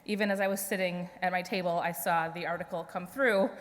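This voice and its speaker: A woman's voice: fairly low pitch, steady tone, a little fast. Woman hosting an event Q&A. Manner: friendly, thankful, with fillers. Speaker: event host, committee chair. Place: event hall. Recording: echoey hall with audience, faint hiss.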